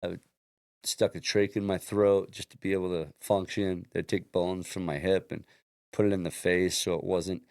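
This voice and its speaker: A man with a very low, gravelly voice, speaking as a guest on a podcast. He tells his story earnestly, often restarting his sentences. The sound is dry and close, with no room around it. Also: level tone, normal speed, a little mellow, no room sound. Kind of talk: casual interview chat.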